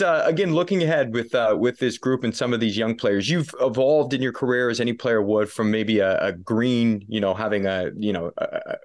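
A man hosting a sports interview, asking long, winding questions with many fillers. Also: mid-range voice. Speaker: interviewer, host.

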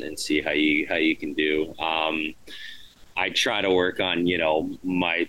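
A man in his thirties, a veteran hockey player, answering interview questions in a relaxed, rambling way, often tagging on "right?". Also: a bass voice, dry recording, low-quality recording. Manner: laid-back, rambling, frequent "right?" and "you know". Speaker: professional hockey player, guest.

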